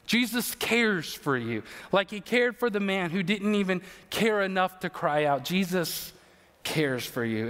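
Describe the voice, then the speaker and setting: A male pastor preaching an earnest, emotional sermon with slow, emphatic phrases. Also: high-pitched, fairly bright tone, long reverb tail.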